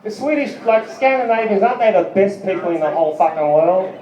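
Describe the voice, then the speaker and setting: A man's voice: high-pitched, steady tone, fairly quick, warm tone. A middle-aged man doing a rambling, profane stand-up set, laughing as he tells his stories. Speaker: stand-up comedian. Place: live music club stage. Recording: echoey dull club recording.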